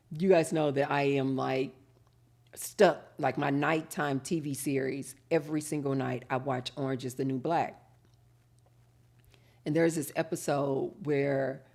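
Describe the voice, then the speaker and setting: A middle-aged woman hosting a casual live chat, reading viewer comments aloud and telling animated stories with drawn-out words. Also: a bass voice.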